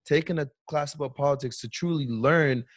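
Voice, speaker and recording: Young guy, mid pitch, loose slangy talk, dry close recording. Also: brisk, no room sound. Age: young adult. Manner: loose, casual, with fillers and slang. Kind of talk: casual chat.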